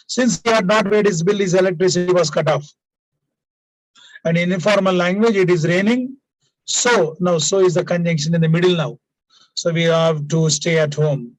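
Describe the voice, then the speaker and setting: A man with a high voice teaches students an English grammar lesson, heard on a rough recording with no echo. He explains usage with example sentences, repeats key points and often tags lines with "now" and "please."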